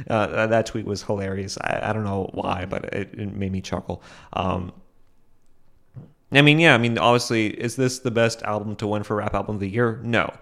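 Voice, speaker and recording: A man's voice: fairly low pitch, fairly even intonation, moderate pace, gravelly, a bit bright. A young man hosting a solo podcast, rambling with many fillers and asides, self-deprecating, and chuckling often. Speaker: podcast host.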